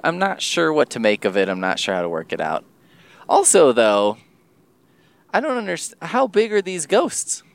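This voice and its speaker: Animated swearing man, lively pitch. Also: vocal fry. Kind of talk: casual rambling monologue.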